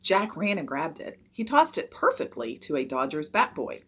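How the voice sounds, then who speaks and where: A woman narrates a children's chapter book aloud with expressive storytelling. Her voice is slightly husky, and her pitch swings in lively arcs through each line. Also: moderate pace.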